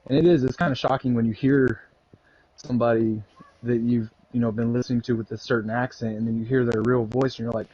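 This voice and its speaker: A man's voice: mid-range voice, steady tone, fairly quick, warm tone, no room sound. A man from Texas with a Southern drawl, co-hosting a podcast in easygoing, encouraging casual chat. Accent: Texan Southern drawl. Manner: easygoing, encouraging, restarts often. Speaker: podcast co-host. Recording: dull, lo-fi mic.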